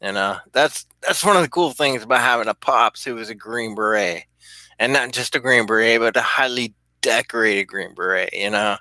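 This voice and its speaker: Bright-voiced man rambling through a story. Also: medium pitch, normal speed, no echo. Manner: rambling, profane, chuckling often. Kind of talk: casual anecdote telling.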